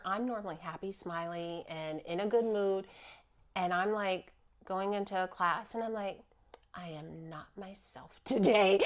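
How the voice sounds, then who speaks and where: A woman who works as a spiritual healer, talking casually on a podcast and acting out her own inner voice with laughs. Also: mid-range voice.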